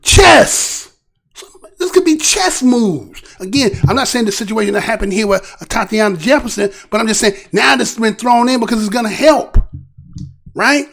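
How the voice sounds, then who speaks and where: A man's voice: very high-pitched, lively intonation, normal speed, creaky, fairly bright tone. A man hosting his own news commentary show, talking casually and animatedly, often asking "right?" and restarting his phrases. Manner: rhetorical, repeatedly asks "right?".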